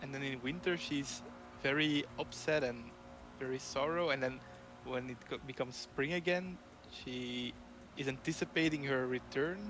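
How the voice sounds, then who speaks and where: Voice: mid-range voice, moderate pace, noisy background. A friend chatting casually, hesitant and searching for words. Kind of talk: casual chat. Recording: music clearly playing behind.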